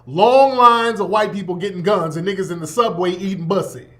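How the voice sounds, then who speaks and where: A man's voice: high-pitched, fairly quick, fairly bright tone. A man hosting his own show, giving emphatic, profane, preachy commentary in a casual way. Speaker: host.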